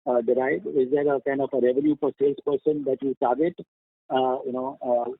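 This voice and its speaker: A man, an analyst, asking questions on an earnings call, lively, with many fillers. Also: medium pitch, brisk, dry recording. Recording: dry tinny phone line.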